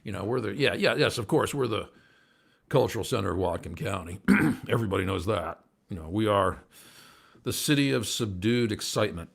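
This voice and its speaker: A man's voice: on the low side, a little fast, gravelly, breathy edge. A man hosting a casual livestream show, talking to viewers at home in an earnest, rambling way that sometimes gets worked up. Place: at home by a window, indoors.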